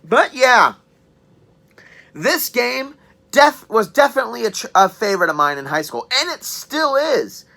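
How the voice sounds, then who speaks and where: A woman in her twenties giving a chatty, joking game review and clearing her throat now and then. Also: a little high, sing-song, unhurried, sharp tone. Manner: chatty, enthusiastic, joking asides. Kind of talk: casual spoken review.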